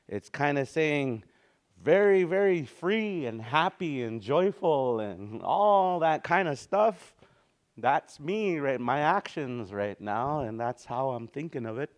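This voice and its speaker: Relaxed man teaching a language class. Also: mid-range voice. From Canada. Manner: loose and conversational, chuckles, sings out words.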